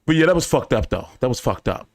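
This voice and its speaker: A man hosting a casual fan chat, telling stories in an animated, profane way with many fillers. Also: medium pitch, quick pace, no echo. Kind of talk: casual storytelling to a live chat.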